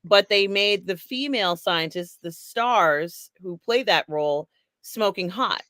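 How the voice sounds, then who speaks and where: A woman co-hosts a pop culture chat, frank and chatty, with many fillers and frequent laughs. Her voice sits at a middling pitch. The recording is dry and close. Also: expressive, measured pace, fairly bright tone, no room sound. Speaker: co-host.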